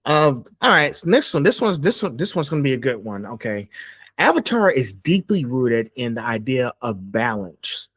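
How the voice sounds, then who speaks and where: A man hosts a casual interview, his voice swinging lively up and down as he works his way into each question. He rambles with fillers and restarts. The sound is close and dry. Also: medium pitch, normal speed, breathy edge, no room sound. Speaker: podcast host, interviewer.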